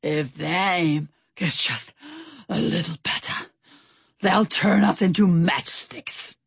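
A woman's voice: medium pitch, animated, slow, creaky, breathy edge, dry recording, clean studio sound, heavily acted. A woman voicing a stout, kindly old male sailor who talks in a hearty, exclamatory way in a storybook reading. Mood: urgent.

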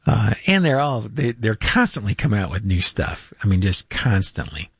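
A man's voice: fairly low pitch, sing-song, moderate pace, breathy edge, dry recording. An older man hosting a radio finance show, talking casually in a rambling way with chuckles, fillers and restarts, from a studio. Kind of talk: casual unscripted radio talk.

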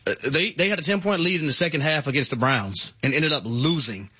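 A man's voice: a little high, a little fast, pushed and bright, breathy edge, dull audio. A man co-hosting sports talk radio, emphatic and repeating words for stress.

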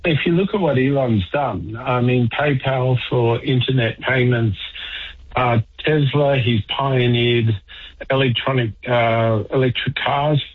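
A male caller phoning into a radio show, cracking dry jokes and airing firm opinions. His voice is husky and comes through a narrow, tinny phone line. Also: medium pitch, unhurried. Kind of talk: talkback phone call.

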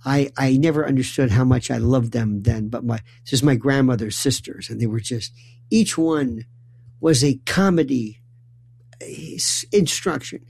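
A man spins a rambling comic monologue in a gravelly, husky voice, his pitch leaping up and down as he talks. He stumbles and restarts words in bursts. The recording is dry and close. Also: moderate pace, no echo. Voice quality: animated, acts out quoted voices with big pitch jumps. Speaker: storyteller.

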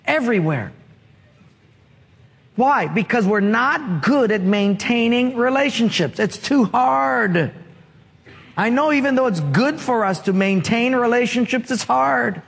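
A man's voice: very high voice, animated, unhurried, gravelly, fairly bright tone, husky. A man preaching a sermon as pastor, telling stories and asking the congregation questions, heard with long hall reverb. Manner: storytelling, asks the congregation questions.

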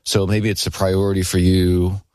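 A man speaking as a guest author on a radio talk show, earnest and animated, speeding up when he stresses a point. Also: low-pitched, normal speed, no echo. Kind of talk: casual studio conversation. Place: radio studio.

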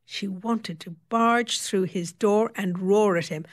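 A woman narrating a story in a steady, wry storytelling manner. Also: medium pitch, slow, hardly any pauses. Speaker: audiobook narrator. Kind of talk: scripted narration.

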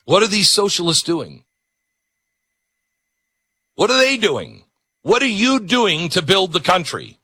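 A male radio talk show host delivering an opinionated monologue, sarcastic and animated, slipping into mocking voices. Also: sits high, slow, pauses often, breathy edge, dry recording, clean studio sound.

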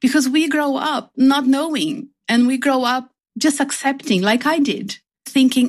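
A woman's voice: sits high, a little slow, few pauses. A woman who is a guest on a radio interview, speaking in an earnest, reflective way that turns emotional.

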